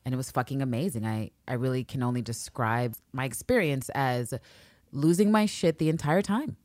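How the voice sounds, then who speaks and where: A woman co-hosting a fan podcast in casual chat, animated and quick to act out characters' lines. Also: extremely low pitch, no echo, clean studio sound. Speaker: podcast co-host.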